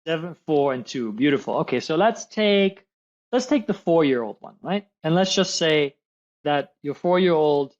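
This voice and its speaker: Man, coach, animated, plays out voices, dull lo-fi audio. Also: on the high side, moderate pace. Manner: animated, acts out voices of others in examples. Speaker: high-performance coach, podcast guest. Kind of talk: coaching conversation.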